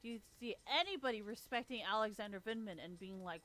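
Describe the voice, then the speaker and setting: A woman's voice: medium pitch, animated, fairly quick, few pauses, fairly bright tone. Sarcastic, profane woman streamer. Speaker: livestreamer. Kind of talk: livestream rant.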